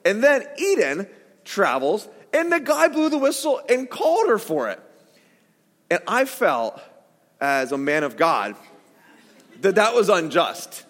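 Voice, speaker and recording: High-voiced pastor telling a self-mocking story. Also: male voice, big pitch swings, measured pace, long pauses. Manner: storytelling, self-mocking, bursts into shouted quotes. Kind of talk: sermon. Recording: echoey hall reverb.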